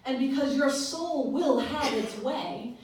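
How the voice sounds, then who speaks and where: A woman giving a lively church talk, telling a story with animated voices and leading call-and-response with the congregation. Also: sits high, takes it slowly, a little hiss or hum. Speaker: guest speaker and singer. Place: large church sanctuary. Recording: echoey live church recording from far off.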